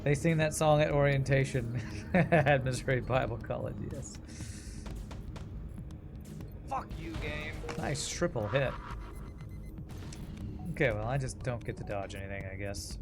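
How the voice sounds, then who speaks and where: A man streams a game and talks with his chat in a mid-range voice at a normal pace, his commentary casual, sarcastic and full of jokes. Game music plays underneath.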